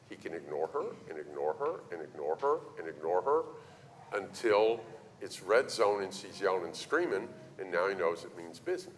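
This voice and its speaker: In a church hall, a deep-voiced middle-aged man preaches a sermon on parenting, animatedly telling stories and acting out the voices in them. The hall is reverberant, with faint ambience and slight background noise.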